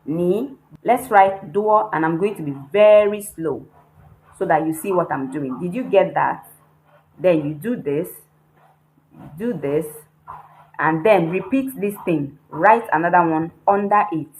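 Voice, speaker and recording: A woman's voice: lowish voice, unhurried, darkish tone, slight background noise, low-quality recording. A woman teaching a beginner language lesson, repeating words and spelling them out. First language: not Chinese. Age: adult, not a child. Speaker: Chinese teacher. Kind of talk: slow, deliberate language lesson.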